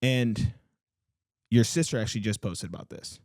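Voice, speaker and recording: A man's voice: medium pitch, expressive, normal speed, a little mellow, dry recording, studio quality. A man co-hosting a podcast, talking earnestly in casual chat, leaning on fillers and emphatic turns. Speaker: podcast co-host.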